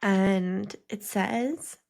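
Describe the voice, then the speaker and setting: This young woman's voice is medium-pitched, a little mellow, and extremely slow, with a creaky fry. Hosting her podcast, she drifts through personal recollections packed with fillers, sometimes crying and laughing through it.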